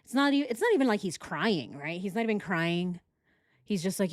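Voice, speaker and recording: A woman's voice: mid-range voice, big pitch swings, brisk, no room sound, studio quality. A woman doing true crime reaction commentary, indignant and conversational, and often asking her viewers questions. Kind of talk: reaction commentary over video.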